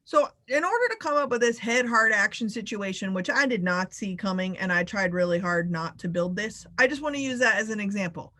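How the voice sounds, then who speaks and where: A woman leading a live online workshop over a video call, talking in an animated, playful way and swooping up high for emphasis. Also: fairly quick, hardly any pauses. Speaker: workshop facilitator.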